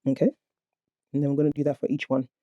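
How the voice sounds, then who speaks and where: A man teaching a coding tutorial, calmly explaining each step of a screen recording. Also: mid-range voice, quick pace, dry recording, lo-fi sound. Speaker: programming tutor.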